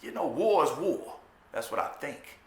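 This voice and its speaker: A storyteller recounts his jail time in a casual spoken monologue, his voice fairly high and his pace moderate. The room echoes as he retells it animatedly, with restarts and repetitions, profane street slang, and a frequent "you know what I'm saying."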